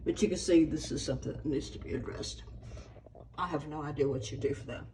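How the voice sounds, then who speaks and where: A woman with a low voice talks fast as she casually walks through an empty house as a real estate agent, with background noise present. Chatty and unsure, she thinks out loud with lots of fillers, and the bare rooms echo.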